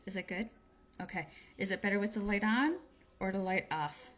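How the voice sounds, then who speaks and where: A woman's voice: medium pitch, normal speed, faint music behind. A woman chatting her way through a live-streamed nail polish tutorial on her phone, giving tips with friendly asides. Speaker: nail tech demonstrating polish application.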